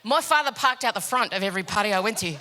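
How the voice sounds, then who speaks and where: A young woman co-hosting a live podcast show, telling animated, sweary stories on stage. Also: mid-range voice, fast talker, background noise. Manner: animated storytelling, swears freely. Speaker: podcast co-host.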